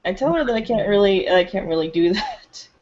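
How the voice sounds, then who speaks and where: A player describing their character's actions in a tabletop game, halting and giggly, with many restarts. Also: mid-range voice, sing-song, a little mellow, dull audio. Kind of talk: role-playing a character at the table.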